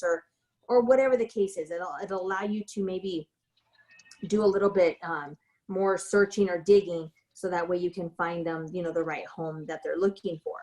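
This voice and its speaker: A woman's voice: on the low side, steady tone, normal speed, a little mellow, rough recording. A woman real estate broker giving a casual tutorial, telling stories in a chatty way full of fillers and restarts.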